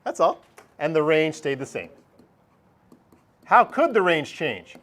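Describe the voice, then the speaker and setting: A man's voice: a little high, very animated, slow, a bit bright. A man teaching a math lesson to a classroom, explaining casually and joking with students. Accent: Canadian.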